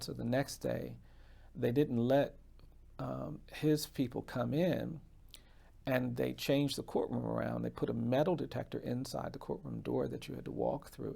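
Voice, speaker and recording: A man, a defense attorney, telling a story in an interview in an earnest, measured way. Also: medium pitch, gravelly, warm tone, husky.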